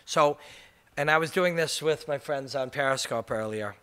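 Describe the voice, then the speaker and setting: A man's voice: medium pitch, moderate pace, bright, forceful tone, clean tone. Fired-up, cursing MMA commentator man. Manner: passionate, profane, emphatic. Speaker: MMA commentator and video host. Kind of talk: ranting commentary monologue.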